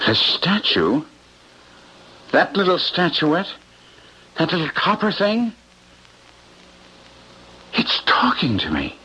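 A man's voice: a little high, wildly swooping pitch, slow pace, pauses often, bright, forceful tone, husky, full character voice. An actor playing a frightened male gambler in an old radio drama, stammering and pleading. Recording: dull lo-fi old radio recording.

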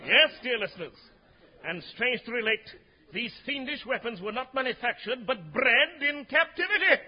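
An actor playing an excitable, pompous, bumbling hero in a 1950s radio comedy, given to shouting outbursts. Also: male voice, very high voice, moderate pace, a crowd in the background. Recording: noisy dull old radio recording.

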